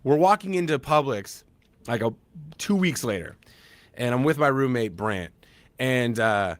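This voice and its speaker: A man in his thirties co-hosting a podcast, telling a story casually and acting out quoted lines loudly. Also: mid-range voice, a little slow, dry recording. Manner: animated, acts out quoted lines in a loud raised voice. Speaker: podcast co-host.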